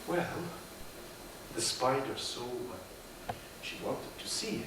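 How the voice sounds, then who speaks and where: A man's voice: medium pitch, expressive, slow pace, background noise. Rhythmic storyteller man on a theater stage. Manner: rhythmic chanting repetition. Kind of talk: live storytelling performance. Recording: echoey theater from far off.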